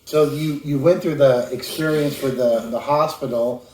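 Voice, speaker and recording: A man interviewing calmly, summing up what he hears in short questions. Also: medium pitch, moderate pace, roomy sound, slight background noise, low-quality recording. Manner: calm, sums up the story in questions. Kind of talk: casual interview.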